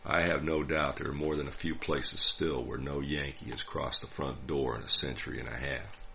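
An older man from the United States telling a personal story in a dry, wry, unhurried way. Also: rumbling low, steady tone, creaky, pushed and bright, slight background noise. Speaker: narrator. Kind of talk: scripted storytelling.

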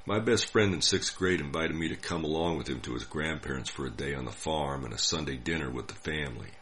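An older man from the United States telling a personal story in a dry, wry, unhurried way. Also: extremely low pitch, a bit bright. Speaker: narrator. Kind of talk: scripted storytelling.

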